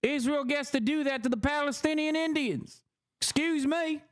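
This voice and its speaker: A man's voice: extremely high pitch, normal speed, pitched above the performer's own voice. A man mimicking a bombastic Southern senator. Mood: mocking. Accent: Southern US, put on. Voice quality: bombastic, mocking. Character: blustering hawkish Southern senator man, older.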